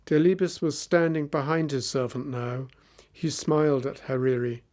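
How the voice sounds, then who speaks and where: Clear, steady male story narrator. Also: a little high, moderate pace. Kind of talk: graded-reader story narration.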